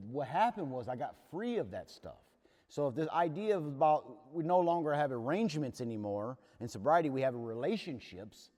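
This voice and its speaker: A man's voice: medium pitch, darkish tone. A man leading a recovery workshop, telling his own story in a plain-spoken, earnest way. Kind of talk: candid personal talk to a recovery group. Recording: long hall reverb.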